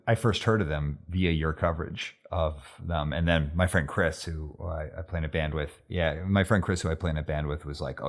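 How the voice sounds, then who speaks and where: Deep-voiced laid-back male host. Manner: laid-back, upbeat, says like often. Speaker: podcast host. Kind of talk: casual interview chat.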